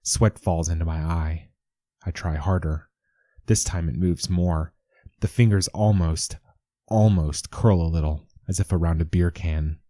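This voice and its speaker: Deep, dark-voiced man narrating a story. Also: fairly even intonation, unhurried, dry recording, clean studio sound. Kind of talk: scripted narration of a first-person story.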